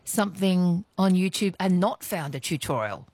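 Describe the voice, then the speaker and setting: A woman's voice: on the low side, expressive, moderate pace, a little mellow, no echo. A woman with an Australian accent hosting a radio phone-in quiz, chatty and teasing, laughing often.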